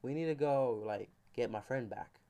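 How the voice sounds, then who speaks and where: A man voicing a laid-back young male anime swordsman who talks in slang, mumbled and low-key. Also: normal speed, mellow, close to an everyday voice. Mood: urgent.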